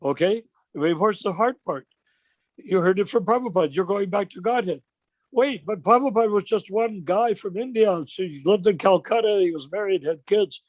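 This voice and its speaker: An older man leading an informal religious discussion on a video call, telling stories with rhetorical questions in an animated way. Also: high-pitched, moderate pace, dry recording. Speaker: discussion leader.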